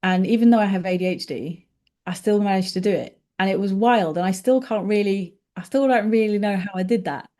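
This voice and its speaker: A woman's voice: medium pitch, a little fast, warm tone. A woman, a neurodiversity coach, answering interview questions in an earnest, reassuring way. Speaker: ADHD and neurodiversity coach, podcast guest.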